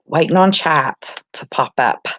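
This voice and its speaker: A woman's voice: low voice, measured pace, a bit bright. Drawling woman chatting on a livestream. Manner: chatty, drawling, calls viewers honey. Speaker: livestream host. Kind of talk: casual livestream chat greeting viewers. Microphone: no headphones, device mic.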